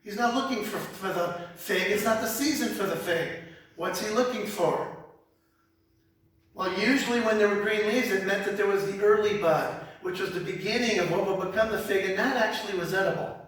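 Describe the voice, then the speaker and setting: A man teaching from the Bible in a sermon, animated and conversational, often repeating words as he goes. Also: high-pitched, fairly quick. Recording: very echoey hall, speaker far from mic.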